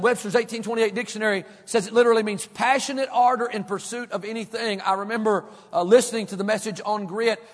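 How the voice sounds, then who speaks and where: High-voiced preacher in a reverberant church. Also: male voice, a bit bright. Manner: reads scripture then preaches with rising fervor. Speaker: pastor. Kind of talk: sermon. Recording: long hall reverb.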